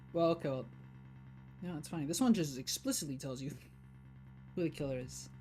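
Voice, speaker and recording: A woman's voice: sits low, moderate pace, pauses often, a little mellow, soft background music. Chatty woman streamer with a sore voice. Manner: chatty, laughs often, self-deprecating. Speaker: streamer playing a game. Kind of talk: casual gameplay commentary.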